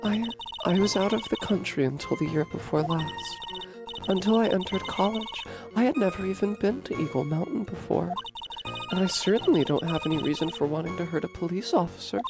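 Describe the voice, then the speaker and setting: A woman's voice: lowish voice, fairly quick, over music, voice pushed up, close to an everyday voice. Woman doing a timid, sweet young woman witness. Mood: pleading.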